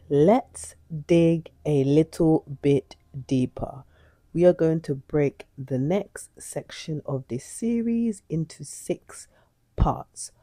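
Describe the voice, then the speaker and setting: A woman's voice: sits low, mellow, dry recording. A woman teaching an English lesson for learners, speaking in a patient, instructive way.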